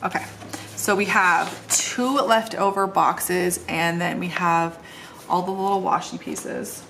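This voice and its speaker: A middle-aged woman, sitting on the floor at home, rambles casually while decorating her planner, joking at her own expense like a planner vlogger. Her voice is fairly low and fairly bright, with vocal fry, a slow pace, and fairly even intonation. Slight background noise is audible.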